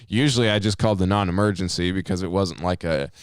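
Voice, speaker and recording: A man's voice: low voice, fast, smooth, dry recording. A young man co-hosting a podcast, telling a rambling, profane anecdote in casual chat. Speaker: podcast co-host.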